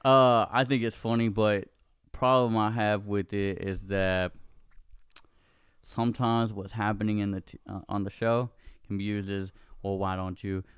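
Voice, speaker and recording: A laid-back man trading slangy banter as a podcast co-host. His voice is smooth and clear, recorded close and dry with no room sound. He talks in a casual, joking way. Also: fairly low pitch, steady tone, unhurried, dry recording. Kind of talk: casual chat.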